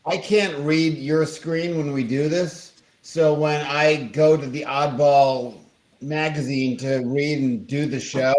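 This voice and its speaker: A man's voice: a little high, a little mellow, echoey room, poor audio. A man co-hosting a casual online show, joking and making puns. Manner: playful, punning. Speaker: co-host. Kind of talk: casual chat.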